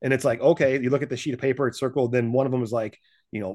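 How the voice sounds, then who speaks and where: A man talking as a podcast guest in casual chat, lively and animated, acting out what other people say and laughing often. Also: medium pitch, fast talker. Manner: animated, acts out quoted voices, laughs often. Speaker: podcast guest, business and gym owner.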